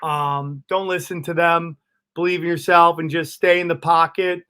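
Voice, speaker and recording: A middle-aged man, a comedian guest, telling stories in a casual interview, animated and swearing freely, calling people dude and bro. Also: fairly high pitch, moderate pace, clear, resonant tone.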